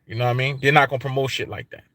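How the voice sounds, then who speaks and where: A man with an African American English accent hosts a YouTube livestream, ranting rapid-fire in a medium-pitched, pushed and bright voice with fairly even intonation. He's casual and profane, repetitive and emphatic, full of swearing and street slang, with no room sound.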